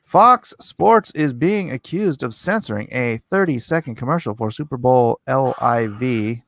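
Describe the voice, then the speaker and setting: A man's voice: medium pitch, animated, a little slow, vocal fry, a bit bright, no echo. A man hosting a casual livestream, reading viewer comments aloud and chatting back in a rambling, self-deprecating way. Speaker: livestream host.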